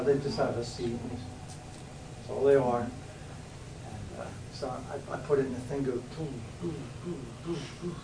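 A man's voice: a little high, darkish tone, slight background noise. Man telling a testimony in an echoey hall. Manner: rambling, halting storytelling with restarts and sudden raised outbursts. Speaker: church speaker giving a testimony. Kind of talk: testimony sermon. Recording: echoey room, voice from a distance.

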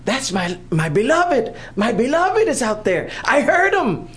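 A preacher voicing a lovestruck young woman who insists her beloved belongs to her alone, raised high with excitement. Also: measured pace. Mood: devoted.

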